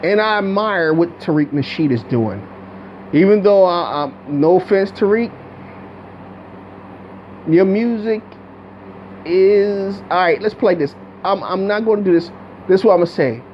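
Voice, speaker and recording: A man's voice: high voice, animated, unhurried, long pauses, highs cut off, slight background noise. A man giving a blunt, profane, rambling commentary rant with many restarts. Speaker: video commentator.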